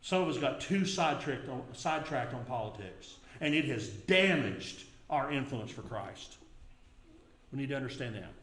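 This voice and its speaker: A man's voice: mid-range voice, expressive, moderate pace, fairly bright tone. A middle-aged man preaching a sermon in a church in an earnest, conversational way. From United States. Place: church sanctuary. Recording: echoey church room.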